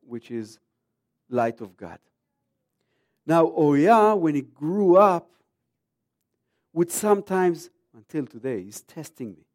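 A man in his thirties preaching a sermon emphatically, swinging between hushed lines and loud ones. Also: fairly high pitch, no room sound, clean studio sound.

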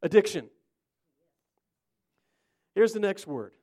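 A man's voice: high voice, animated, takes it slowly, warm tone. A middle-aged man from Ohio preaching an interactive sermon, chatting with his listeners and quizzing them by name. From Cleveland, Ohio.

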